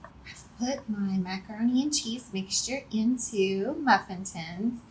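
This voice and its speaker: A woman running a kids' cooking lesson and reading a children's story aloud with an expressive storyteller's delivery. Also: mid-range voice, slow pace, a little hiss or hum. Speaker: cooking and reading teacher for kids.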